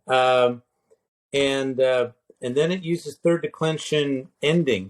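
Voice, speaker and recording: Man slowly explaining Greek grammar forms. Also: mid-range voice, fairly even intonation. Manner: explaining patiently, with many fillers and restarts; spells out word forms slowly. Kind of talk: conversational grammar lesson.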